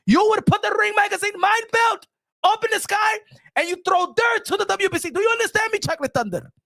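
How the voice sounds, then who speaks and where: A man doing a loud, bossy fight-promoter mogul. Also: unhurried, creaky, heavily acted. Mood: bossy shouting. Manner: shouting, high-pitched, scolding.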